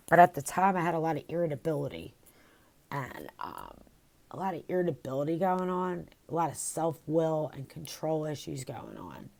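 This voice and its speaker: A woman's voice: lowish voice, darkish tone. A woman talking in a rambling, reflective way, with many fillers and restarts, in a casual video diary recorded on her phone. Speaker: vlogger.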